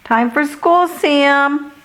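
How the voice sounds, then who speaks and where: A woman's voice: sits high, drawn-out words, a bit bright, voice pushed up, heavily acted. A woman voicing a cheerful mother calling her son in a storybook.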